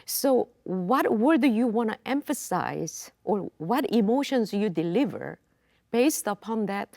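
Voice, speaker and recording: Slow, gravelly-voiced woman panelist. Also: medium pitch, lively intonation, dry recording, clean studio sound. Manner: thoughtful, measured, with frequent ums and soft laughs. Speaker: roundtable panelist. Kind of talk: panel discussion. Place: video studio.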